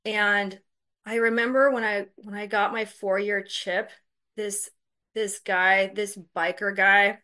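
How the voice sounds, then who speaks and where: A woman's voice: mid-range voice, little pitch movement, slow pace, bright, forceful tone. A woman casually telling a personal story, candid, profane and self-mocking, chatty with lots of fillers.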